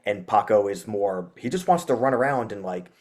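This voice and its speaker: A man, a guest musician, chatting casually in an interview, rambling with lots of fillers and animated retellings. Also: on the low side, normal speed.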